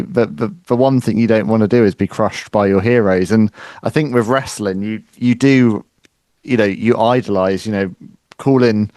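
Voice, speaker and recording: A man hosting an interview, speaking in a measured, thoughtful way with a few restarts. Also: lowish voice, a little mellow, no echo. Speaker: interview host. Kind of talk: casual interview.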